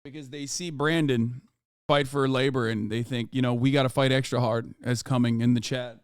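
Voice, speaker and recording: A man's voice: mid-range voice, fairly even intonation, normal speed, clear, resonant tone, dry recording, clean studio sound. A man streaming a reaction to the news, ranting in a heated, sweary, emphatic way. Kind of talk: profane live-stream rant.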